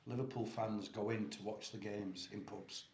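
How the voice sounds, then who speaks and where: A man guests on a casual podcast, talking plainly with a few hesitant fillers. His voice sits low and carries a roomy echo. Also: fairly even intonation, normal speed, darkish tone. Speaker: guest, former footballer. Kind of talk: casual chat.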